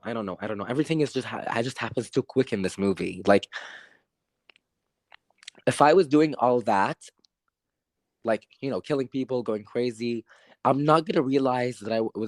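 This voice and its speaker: This podcast co-host, speaking at medium pitch and a moderate pace, grows frustrated while reviewing a movie in casual conversation, rambling and saying again and again that he doesn't know. The recording is dry and studio quality.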